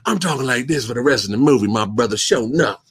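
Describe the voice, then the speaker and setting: A man's voice: mid-range voice, expressive, fast talker, fairly bright tone, slight background noise, pitched below the performer's own voice. A man putting on the voice of a drawling, slangy male action-star tough guy. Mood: taunting. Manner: mumbled streetwise slang, lazy drawl.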